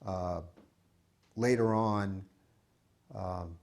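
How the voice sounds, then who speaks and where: A man's voice: low-pitched, steady tone, extremely slow, a little mellow. A man reminiscing in an interview, reflective and hesitant, often restarting his sentences. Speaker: devotee recalling memories.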